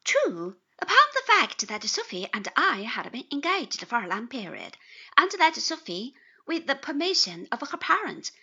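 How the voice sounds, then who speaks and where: A woman's voice: sits high, very animated, moderate pace, sharp tone, breathy edge, full character voice. A woman voicing an earnest, chatty young married man who drops into confidential tones, on slightly dull audio. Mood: eager. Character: cheerful young man, newly married lawyer.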